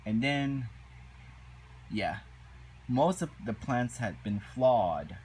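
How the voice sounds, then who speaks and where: A man ranting through a casual episode review at an unhurried, plodding pace. He stops and restarts often, piling on "and then" between indignant complaints, in a voice of ordinary pitch. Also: lively intonation, darkish tone, slight background noise, low-quality recording. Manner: halting, repetitive, indignant.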